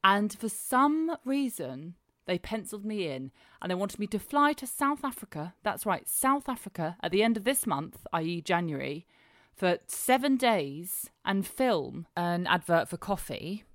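A woman in her thirties co-hosting a casual chat, teasing and lively as she tells stories. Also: mid-range voice, unhurried, few pauses, no room sound, clean studio sound. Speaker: podcast co-host.

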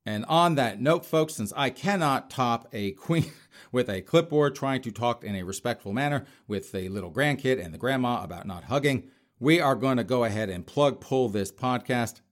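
A man's voice: mid-range voice, expressive, normal speed. A man hosting his podcast in a casual monologue, mocking and laughing often. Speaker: podcast host.

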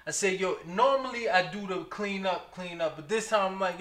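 A man co-hosting a casual podcast chat, telling animated stories and laughing often. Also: high voice, moderate pace, roomy sound. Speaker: podcast co-host.

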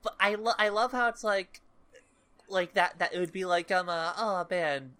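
A woman's voice: mid-range voice, moderate pace, a bit bright. A young woman co-hosting a podcast, animatedly retelling scenes in casual chat full of "like". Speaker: podcast co-host. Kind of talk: casual book-club chat.

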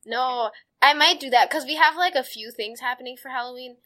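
A woman's voice: high-pitched, brisk, bright, forceful tone. A young woman co-hosting a podcast in casual, chatty talk, often giggling and poking fun at herself, on a close mic. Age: young adult. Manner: chatty, giggly, self-deprecating. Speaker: podcast co-host. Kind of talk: casual chat.

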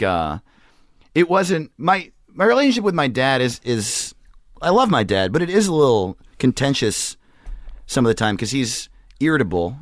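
A man's voice: mid-range voice, no echo, clean studio sound. A young man, a comedian, chatting casually on a podcast, laughing often and acting out quotes. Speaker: comedian guest. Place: garage studio.

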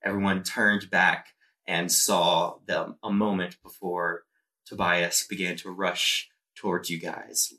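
A man with a low yet bright, forceful voice narrates a tabletop game as its game master. He tells the scene in a measured, descriptive way. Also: little pitch movement.

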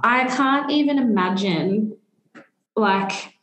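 A woman's voice: a little high, slow pace, a bit bright, lo-fi sound, a little hiss or hum. A woman hosting a podcast, reflecting hesitantly on her guest's story. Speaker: podcast host. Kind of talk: casual interview chat. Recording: echoey room.

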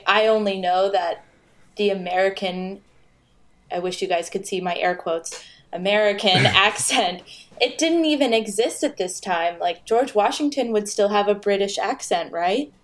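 A woman's voice: mid-range voice, moderate pace. A woman co-hosting a casual chat, upbeat and chatty, asking leading questions. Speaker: co-host.

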